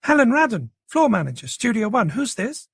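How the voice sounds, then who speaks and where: A man's voice: very high voice, big pitch swings, normal speed, creaky, breathy edge, no echo, clean studio sound, pitched above the performer's own voice, exaggerated voice. A man doing a flustered woman floor manager. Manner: shouting, flustered.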